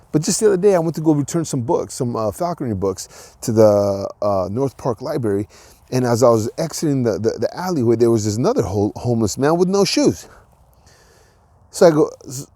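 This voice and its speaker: Rambling male podcast host with a dark voice. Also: medium pitch, no echo. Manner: rambling, with frequent restarts and filler words; earnest and encouraging. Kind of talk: casual solo monologue.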